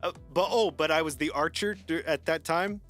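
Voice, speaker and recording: A man's voice: a little high, moderate pace, a bit bright, soft background music. A man hosting a live gaming stream in casual chat, laughing often and rambling with restarts.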